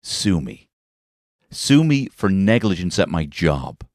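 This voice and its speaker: A low-voiced Irish man in his thirties, rambling through a comic monologue while stoned. His pitch leaps around expressively, and he swears and laughs at his own jokes. The sound is dry and close. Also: big pitch swings, slow pace, a little mellow, dry recording. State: high on weed. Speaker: comedian podcast host. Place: garden shed.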